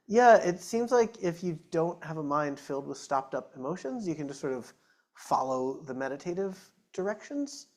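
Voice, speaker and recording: A man's voice: fairly high pitch, very animated, normal speed, a little mellow. A man, a psychologist and author, answering audience questions at a live talk in a chatty, self-deprecating way. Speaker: author and psychologist being interviewed. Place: event room with live audience. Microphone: shared microphone.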